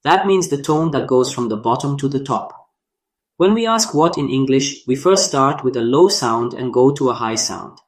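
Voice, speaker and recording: A man narrating a scripted language lesson, speaking deliberately and drawing out sounds to demonstrate them. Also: mid-range voice, animated. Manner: slow, deliberate delivery demonstrating tones with drawn-out sounds. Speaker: language teacher.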